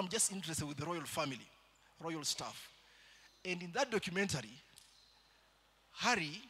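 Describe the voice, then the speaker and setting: A man preaching a sermon in church, shifting between loud calls to the congregation and quieter storytelling. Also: fairly high pitch, slightly rough.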